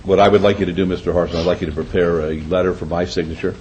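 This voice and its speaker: A man's voice: deep voice, fairly even intonation, rapid-fire, a little mellow, muffled recording, a little hiss or hum. An older man, the mayor, chairing a city council meeting in a plain-spoken, folksy way. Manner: folksy, plain-spoken, uses homey sayings. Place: council chamber.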